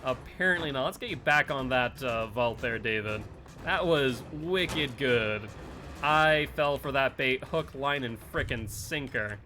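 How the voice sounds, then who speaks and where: A man's voice: medium pitch, unhurried, sharp tone, soft background music. A man streaming a horror game live, chatting casually with viewers and commenting on his play in a playful, teasing way. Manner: chatty, reads chat aloud, playful teasing.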